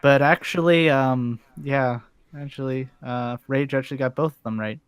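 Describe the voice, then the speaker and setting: A man's voice: mid-range voice, fairly even intonation, moderate pace, clear, resonant tone, no echo. Hesitant man in a casual podcast chat. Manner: hesitant, restarts, says "like" and "I mean". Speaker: podcast co-host.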